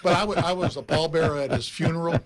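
An older man, a former baseball player, telling animated anecdotes in casual chat and laughing often. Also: a little high, fast, a crowd in the background.

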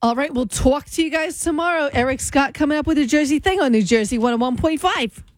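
A woman co-hosting a radio show, chiming in with quick, sassy remarks. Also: sits high, no room sound, clean studio sound. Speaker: radio co-host. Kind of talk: casual radio banter.

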